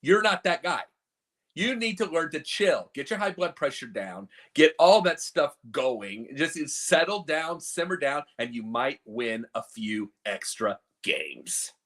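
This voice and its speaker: A man's voice: a little high, animated, measured pace, a bit bright. A man co-hosting a sports podcast, lecturing with energy in casual talk. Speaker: podcast co-host.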